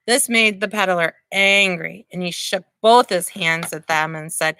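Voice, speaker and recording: A woman preschool teacher reading a picture book aloud to young children, animated and asking them questions. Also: lowish voice, measured pace, few pauses, clear, resonant tone, dry recording.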